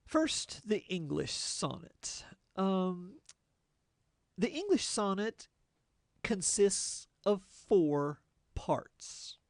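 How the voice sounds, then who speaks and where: Explaining poetic form in a teacherly lecture, this man speaks slowly and deliberately in a voice that's on the high side yet darkish, with a gravelly, creaky edge. His explanations come step by step and plain-spoken, sprinkled with folksy remarks, recorded close and dry without any room sound.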